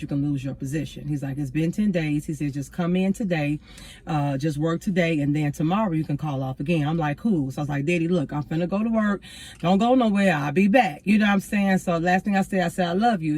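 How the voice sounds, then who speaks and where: Sitting in her parked car, a teacher tells viewers a personal story, calling them "y'all" in a casual, earnest, reflective way that takes spiritual turns. Her voice is deep and a little mellow, slightly rough, and she talks fairly quickly.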